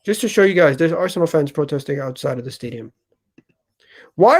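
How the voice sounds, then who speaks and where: A man's voice: a little high, brisk. Guy streaming football chat live, emphatic, says stuff twice, talks straight to the chat. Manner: animated, emphatic, repeats himself; chatty, addresses chat directly. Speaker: football channel host.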